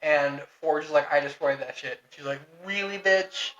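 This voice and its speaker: Bright-voiced man joking about comics. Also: fairly high pitch, flat delivery, brisk, muffled recording. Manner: joking, laughing, swearing. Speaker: podcast co-host. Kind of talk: casual comic book recap. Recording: roomy sound.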